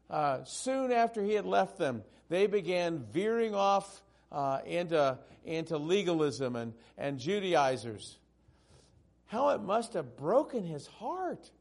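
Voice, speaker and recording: A pastor man delivering a sermon in a gravelly, somewhat high voice. His pitch leaps and falls dramatically, rising to loud, emphatic peaks and sinking into soft, hushed lines. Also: expressive, slow.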